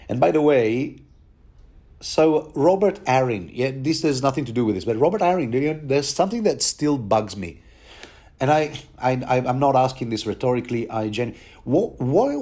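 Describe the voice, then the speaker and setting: A man's voice: mid-range voice, mellow. A man giving a rambling, chatty commentary on a book, with many restarts and bits of laughter. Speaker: podcast host reading and commenting on a book.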